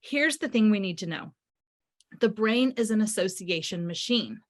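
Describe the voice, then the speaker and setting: A woman's voice: mid-range voice, animated, moderate pace. A middle-aged woman, a parenting author, explaining ideas in a podcast interview and acting out what parents say. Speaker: parenting author and psychotherapist guest.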